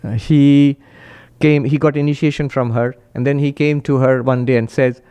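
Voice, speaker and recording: A man, a monk, giving a spiritual talk and telling stories with animated quoted voices. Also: moderate pace, clean tone. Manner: animated storyteller, raises pitch when quoting, laughs often.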